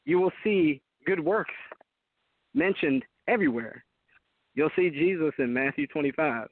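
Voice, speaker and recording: A man's voice: on the high side, no echo. A man speaking as a Christian apologist guest on a call-in show, emphatic and preacherly. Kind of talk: call-in talk show debate. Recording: tinny phone-line call-in audio.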